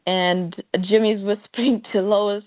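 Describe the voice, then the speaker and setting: A woman's voice: mid-range voice, fairly even intonation, unhurried, no room sound. A woman casually recapping a comic book story who laughs often and quotes the characters loosely, with plenty of fillers. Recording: dry, tinny phone-like sound.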